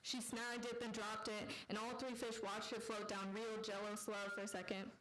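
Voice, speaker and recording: A woman author reading her own fiction aloud at a live literary event, in a deadpan storytelling manner. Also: mid-range voice, moderate pace, background noise.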